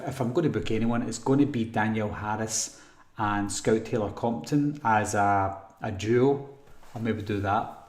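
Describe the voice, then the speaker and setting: A man hosting a casual live Q&A for a horror channel, reading chat questions and answering in a rambling way with lots of ums. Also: medium pitch. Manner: relaxed, rambling, frequent ums and throat clearing. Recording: roomy echo.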